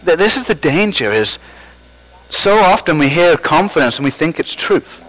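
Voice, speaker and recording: A man gives a sermon from the pulpit, his voice sitting a little higher than most men's. He talks in a loose, conversational way, pokes fun at himself and restarts his sentences. The sound comes through like a radio broadcast. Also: lively intonation, normal speed, a bit bright, low-quality recording. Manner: conversational, self-deprecating, with false starts. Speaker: pastor.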